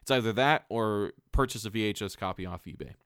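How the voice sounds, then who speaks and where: A man casually retelling a strange movie, animated, with plenty of ums, likes and swearing. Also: lowish voice, a little fast, no echo.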